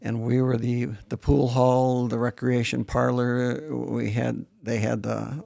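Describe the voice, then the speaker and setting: Gravelly older man reminiscing. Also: medium pitch, level tone, unhurried, warm tone. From northern South Dakota, USA. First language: German. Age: 70s. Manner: leisurely reminiscing storyteller, frequent restarts. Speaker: interview guest. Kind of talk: casual interview conversation.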